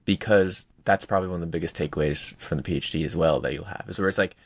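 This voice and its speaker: A man with a deep, gravelly, slightly husky voice chats on a podcast. He is effusive and enthusiastic and laughs easily. The sound is dry and close. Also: fast talker, no room sound. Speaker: podcast co-host. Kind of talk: casual chat.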